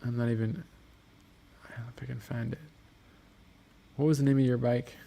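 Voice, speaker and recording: Man, livestream host, casual chat, relaxed and rambling, lots of ums, talking from a workshop. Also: mid-range voice, brisk, vocal fry. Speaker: motorcycle company host reading viewer comments. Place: motorcycle workshop.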